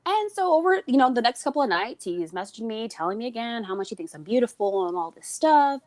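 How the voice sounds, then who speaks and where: A woman telling a story in a relaxed podcast chat, her pitch swinging widely. She acts out what everyone said in the story. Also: fast. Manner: animated, acts out quoted voices. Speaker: guest.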